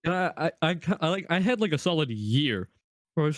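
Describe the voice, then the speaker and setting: A young man co-hosting a podcast, chatting casually and cutting in with quick asides. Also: a little high, animated, no echo, studio quality. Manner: quick interjections, laughing asides. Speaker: podcast co-host. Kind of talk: casual chat.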